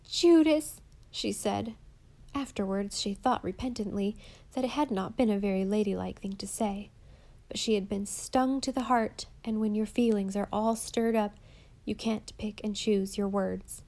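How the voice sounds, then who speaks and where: A woman reads a classic story aloud with expressive, measured narration. Her voice sits at a middle pitch, steady and clear. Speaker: audiobook narrator.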